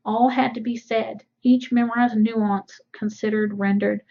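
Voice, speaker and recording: Woman, teacher reading aloud, casual asides, higher voice, dull lo-fi sound. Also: fairly even intonation, measured pace, mellow. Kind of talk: reading a novel aloud with commentary.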